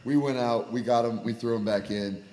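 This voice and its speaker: A young man co-hosting a casual podcast, telling wrestling stories in animated bursts. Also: mid-range voice, long reverb tail. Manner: animated storyteller, quick bursts when excited. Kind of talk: casual chat. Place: garage.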